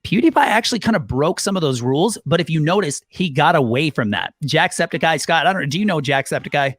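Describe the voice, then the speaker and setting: A man's voice: a little high, lively intonation, quick pace, fairly bright tone, dry recording. A man co-hosting a casual podcast chat, talking animatedly with lots of fillers and restarts. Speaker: co-host.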